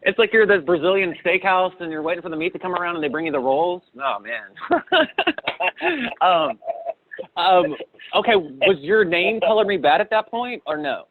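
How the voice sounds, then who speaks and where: A man's voice: high voice, normal speed, slight background noise. A man hosting a podcast interview, cutting in with jokey questions, heard over a tinny phone line. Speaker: podcast host. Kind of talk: casual interview.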